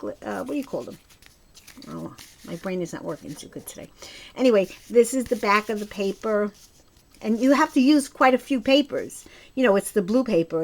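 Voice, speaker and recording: A woman with a Brooklyn accent chatting enthusiastically as she shows her craft projects, rambling with a few restarts. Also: a little high. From Brooklyn, New York. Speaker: crafting channel host. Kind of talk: casual crafting show-and-tell.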